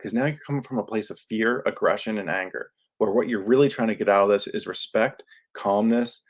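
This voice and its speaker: A man hosting a podcast, talking casually in a lively monologue and acting out quoted lines in his own voice. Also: lowish voice. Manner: animated, acts out quoted lines; self-described yelling into a microphone. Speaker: podcast host. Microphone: studio microphone.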